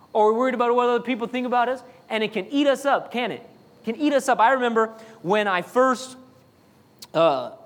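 A man's voice: high voice, fairly bright tone. A man preaching a sermon, talking to the congregation in a chatty way, full of jokes and asides. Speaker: pastor.

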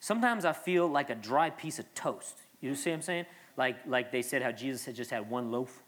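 A man's voice: medium pitch, brisk, a bit bright. A man in his late thirties, a pastor preaching an earnest, conversational sermon with frequent restarts and asides.

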